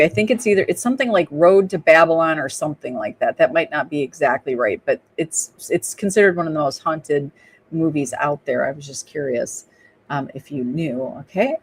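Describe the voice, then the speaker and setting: A woman's voice: deep voice, a little fast, slightly rough. A woman co-hosting a paranormal trivia stream, chatting casually and reading out questions to viewers in an upbeat way. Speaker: co-host of a paranormal trivia show.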